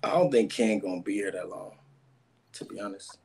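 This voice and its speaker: A man's voice: lowish voice, brisk, creaky, darkish tone, slight background noise. A man guest giving emotional, rambling interview answers, often repeating words.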